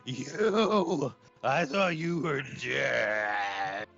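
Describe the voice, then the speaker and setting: A man voicing an enraged, weeping older father in a tabletop game, scolding his son loudly and slowly. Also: mid-range voice, expressive, creaky, muffled recording, soft background music, full character voice. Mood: furious. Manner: scolding, loud and drawn-out.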